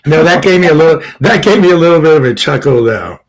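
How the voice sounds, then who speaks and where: A man's voice: fairly high pitch, animated, fast, low-quality recording. A man hosting a podcast in casual political chat, blunt and rambling, swearing freely and laughing at his own jokes. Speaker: podcast host.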